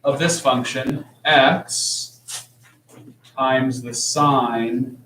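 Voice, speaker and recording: A math teacher jokes his way through a calculus lesson, explaining problems in a casual, conversational way. His mid-range voice is a bit bright, with fairly even intonation and drawn-out words. The classroom is echoey, the mic is distant, and there is slight background noise.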